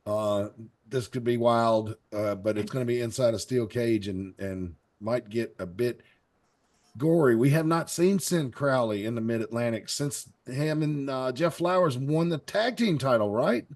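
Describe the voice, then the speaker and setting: A man's voice: medium pitch, unhurried, a little mellow. A man hosting a wrestling talk show, chatting in a folksy, rambling, jokey way. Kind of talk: casual live-stream chat.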